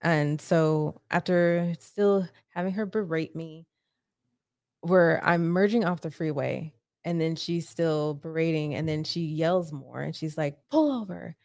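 A woman's voice: low voice, steady tone, unhurried, a little mellow, no echo, clean studio sound. A woman as a podcast guest, retelling a painful family story in a blunt, profane way with rising urgency. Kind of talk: emotional personal storytelling.

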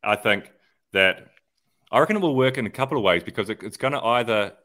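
A man's voice: on the low side, animated, fairly quick, bright, forceful tone. A man, co-hosting a podcast in casual, rambling, sweary chat. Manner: rambling, laid-back, sweary. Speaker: podcast co-host.

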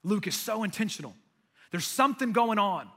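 High, bright-voiced preacher. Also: male voice, moderate pace. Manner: animated storytelling, acting out voices. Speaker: pastor. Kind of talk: sermon.

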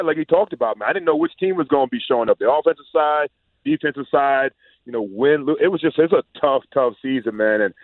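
Former player turned radio analyst, brisk and loose, tinny phone-line sound, dry. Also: male voice, mid-range voice, dry recording. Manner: easygoing, repeats "man" and "you know". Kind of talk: casual sports chat.

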